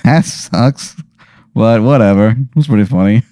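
A man's voice: medium pitch, normal speed, mellow, dry recording. A man in casual comic banter, reacting with dry interjections and playing along.

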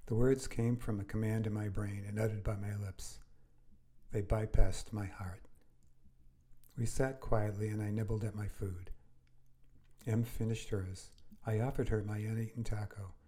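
A man with a low, husky, mellow voice reads a first-person grief memoir as a podcast host. His delivery is slow, measured and earnest, with an air of breath behind the words. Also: little pitch movement.

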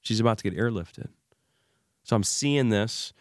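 A very low-voiced man, appearing as an interview guest, shares an emotional personal story with animation, performing remembered conversations and leaning on fillers. He speaks at a normal speed, and the recording is close and dry.

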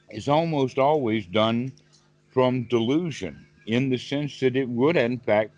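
Calm man teaching over a muffled call. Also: lowish voice. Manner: calm, explanatory, repeats words while thinking. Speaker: Buddhist teacher. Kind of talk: dharma talk on a group call. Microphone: video call.

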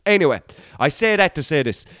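Very animated and brisk, a thirty-something comedian with a Cork accent spins rambling, chatty stories for his podcast listeners, calling them "guys" and "boy." His voice is a little high with a fairly bright tone, recorded at studio quality without echo.

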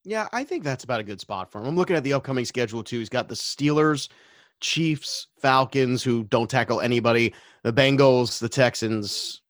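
A man co-hosting a casual fantasy sports podcast, opinionated and quick to laugh. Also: medium pitch, lively intonation, no echo, clean studio sound. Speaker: podcast co-host.

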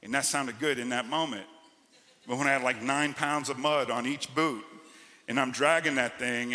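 Storytelling pastor in a reverberant church. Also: male voice, medium pitch, normal speed, bright, forceful tone. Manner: storytelling, conversational and emphatic. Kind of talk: sermon. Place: church sanctuary. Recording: church hall with long reverb.

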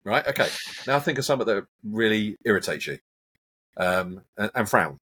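A man, a hypnotherapist, talking in a casual interview and acting out everyday examples in an animated, coaching way. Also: fairly low pitch, moderate pace, breathy edge. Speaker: hypnotherapist guest.

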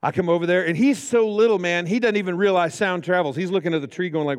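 A man's voice: high voice, quick pace, few pauses. A middle-aged male pastor preaching a chapel sermon, joking and acting out the voices in his stories. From United States. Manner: storytelling, jokey, acts out quotes. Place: college chapel. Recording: reverberant hall.

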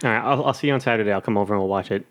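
A man's voice: on the low side, very fast. A young man co-hosting a casual podcast chat, rambling and laughing often as he acts out quoted lines. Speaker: podcast co-host.

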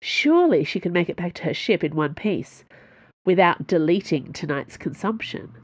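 A woman's voice: on the low side, expressive, moderate pace, breathy edge, dry recording. A woman reading a novel aloud as an audiobook narrator, telling it steadily. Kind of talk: scripted narration.

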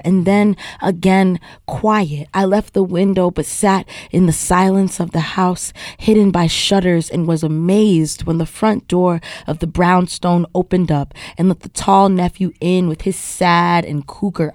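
A woman from Queens, New York, reads a poem aloud in a slow, deliberate way. Her voice sits a little low and sounds mellow. The close studio sound is dry. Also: dry recording. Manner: measured, deliberate delivery. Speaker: poet. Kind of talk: poetry reading.

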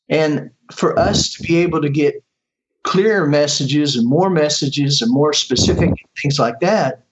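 A man who works as a medium, answering interview questions in an earnest, halting way with many restarts. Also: on the high side, noisy background. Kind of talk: casual conversational interview. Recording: dull lo-fi audio.

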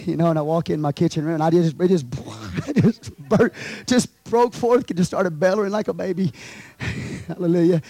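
A man preaching a sermon as pastor, swinging from quiet storytelling to shouted calls to the congregation. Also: sits high, moderate pace, no echo. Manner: preaching with rising shouts and call-and-response asides.

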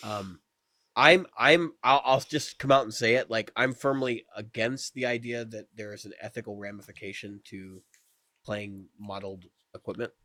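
A man co-hosting a casual podcast, relaxed and opinionated, steering the discussion. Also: on the low side, normal speed, dry recording. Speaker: podcast co-host. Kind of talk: casual chat.

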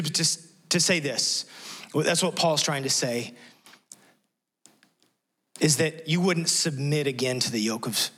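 A middle-aged man preaching an impassioned sermon from a church sanctuary. His voice is bright and forceful and sits a bit high for a man. He often acts out the voices of the people in the stories he tells. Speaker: pastor.

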